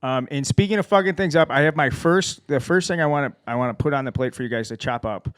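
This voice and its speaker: A man hosting a casual sports podcast and telling animated, profane anecdotes. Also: on the high side, fast, clear, resonant tone, no room sound, studio quality. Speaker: podcast host.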